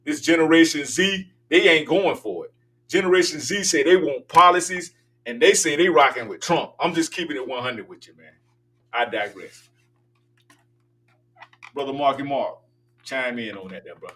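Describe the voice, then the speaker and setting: Fired-up older man, bright voice. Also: fairly high pitch, moderate pace, distant mic. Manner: emphatic, ranting, preachy. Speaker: political talk show host. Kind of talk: opinionated monologue.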